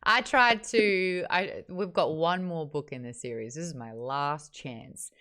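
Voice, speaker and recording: A woman hosting a book club livestream, chatty and animated as she jumps between topics. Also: low voice, unhurried, crowd noise. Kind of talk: casual livestream chat.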